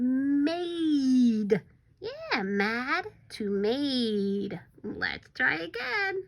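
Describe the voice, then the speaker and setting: A woman is teaching young children a recorded phonics lesson, speaking slowly and encouragingly and now and then falling to a whisper to build suspense. Her voice is high, with big swings in pitch.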